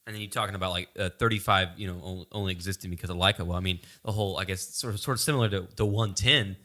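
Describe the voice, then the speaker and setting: A man in his twenties chatting casually, rambling and halting with self-mocking asides. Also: low-pitched, steady tone, pushed and bright. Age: 20s. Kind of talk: casual chat.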